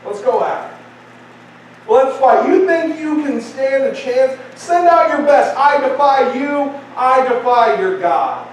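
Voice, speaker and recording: A preacher putting on a boasting giant warrior. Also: male voice, very high voice, expressive, slow pace, distant mic, slight background noise, heavily acted. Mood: taunting. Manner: loud, mocking challenges. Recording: very echoey church hall from afar.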